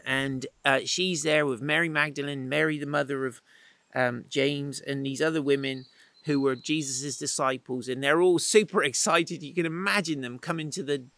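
A man's voice: fairly high pitch, fairly even intonation, moderate pace, a bit bright, no echo, low-quality recording. A man teaching from the Bible outdoors in the wind, retelling the story in a chatty, playful way with asides. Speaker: preacher.

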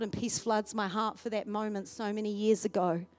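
A woman preacher telling a personal story in a sermon, swinging from loud, excited passages to hushed, tender ones. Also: medium pitch, moderate pace. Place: church service.

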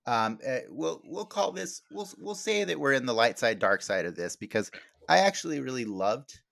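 A man's voice: mid-range voice, sing-song, moderate pace, vocal fry, a bit bright, dry recording, clean studio sound. A man hosting a podcast, chatting casually and rambling, with many fillers and restarts. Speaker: podcast host.

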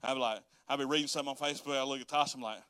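A man's voice: mid-range voice, steady tone, racing, pushed and bright, smooth, no echo, clean studio sound. A man preaching a sermon as pastor, folksy and dialect-heavy, laughing often and acting out quotes.

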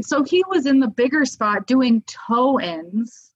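A woman telling a story in a casual, lively way, with lots of fillers, acting out what people said. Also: a little high, slow pace, husky. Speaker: guest. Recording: muffled lo-fi audio.

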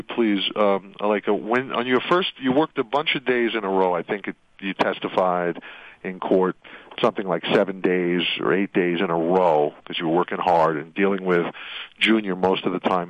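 Rambling low-voiced man leading an interview. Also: no room sound. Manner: rambling, leading questions ending in "right?". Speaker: radio host and attorney questioning his guest. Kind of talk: radio interview. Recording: dull radio audio.

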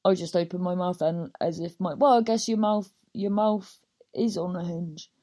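A woman's voice: lowish voice, moderate pace, warm tone. A young woman, a stand-up comedian, telling stories in a scattered, self-interrupting way and swearing casually. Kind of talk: rambling casual monologue.

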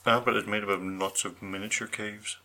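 A man's voice: fairly low pitch, flat delivery, brisk, pushed and bright. A man co-hosting a podcast, chatting casually and teasing his co-host. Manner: teasing, incredulous. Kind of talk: casual chat.

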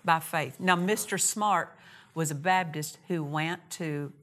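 A woman's voice: deep voice, slow, fairly bright tone. A woman preaching a sermon with a call-and-response rhythm, building to emphatic, raised phrases.

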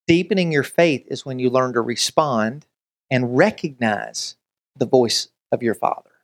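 A man preaching a conversational sermon as pastor, lively and joking, acting out everyday scenes as he goes. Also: mid-range voice, measured pace.

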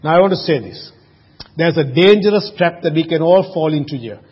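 A man preaching a sermon in an earnest way, full of rhetorical questions and restarts. His voice sits a little high and sounds husky. It rings out with a long reverb, on a muffled recording. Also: animated, a little fast.

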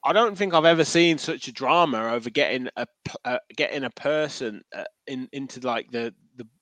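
A man's voice: medium pitch, brisk, a bit bright, no room sound. Man, podcast co-host, easygoing with lots of fillers, dry close mic. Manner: easygoing, laughs often, trails off with fillers. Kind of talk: casual football chat.

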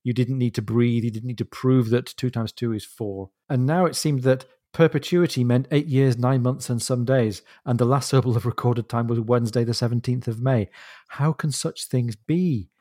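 A man co-hosting a book podcast, walking through a novel's chapters and quoting passages. His voice sits at an everyday middle pitch, recorded close and dry with no room sound. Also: steady tone, brisk, few pauses, dry recording. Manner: explains literary references with quiet enthusiasm. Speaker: podcast co-host.

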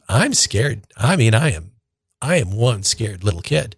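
A man in his sixties from northern Minnesota, a deacon and radio host telling a personal story in a conversational, animated way. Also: fairly low pitch, unhurried, husky, dry recording. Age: 60s. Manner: conversational, animated retelling with acted-out quotes.

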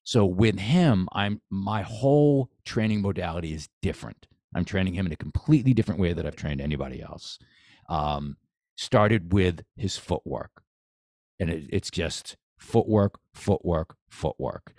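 A man's voice: deep voice, lively intonation, moderate pace, darkish tone, dry recording, studio quality. A man, a boxing coach, talking casually as a podcast guest, enthusiastic and rambling with restarts. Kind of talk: casual interview chat.

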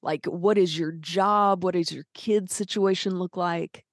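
A woman with a Southern US accent hosts the interview in a bubbly, effusive manner. Her voice sits a little low. The sound is dry and close, with no room echo. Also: fairly even intonation, unhurried. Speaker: podcast host. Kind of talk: enthusiastic podcast interview.

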